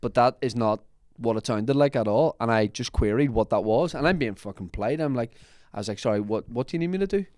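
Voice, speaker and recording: A man co-hosting a casual podcast, retelling stories with lively acted-out bits. His voice sits at a middle pitch. The sound is dry and close to the mic. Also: fast, few pauses, no room sound. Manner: storytelling, animated retelling. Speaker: podcast co-host. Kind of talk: casual chat.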